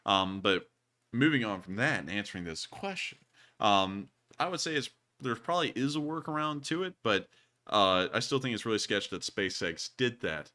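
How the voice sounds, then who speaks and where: A young man in his twenties with a Southern US accent, co-hosting a casual livestream and answering viewer questions, jokey and quick to laugh. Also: on the low side. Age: 20s. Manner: jokey, excitable, laughs often. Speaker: co-host of a war news show. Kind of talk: casual livestream chat answering super chats.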